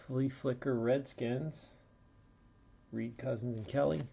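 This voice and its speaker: Guy opening card packs and calling out pulls, kinda gravelly, bit under the weather, faint hiss in the background. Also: medium pitch, fairly even intonation, takes it slowly, mellow, highs cut off. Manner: running play-by-play of pulls, chatty asides. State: feeling unwell. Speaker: card break host. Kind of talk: casual card-opening commentary.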